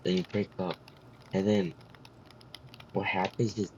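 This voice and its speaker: Deep-voiced guy on muffled voice chat. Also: level tone, unhurried, darkish tone, slight background noise. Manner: rambling, spins silly made-up scenarios. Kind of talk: casual voice chat. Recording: slightly muffled voice chat audio.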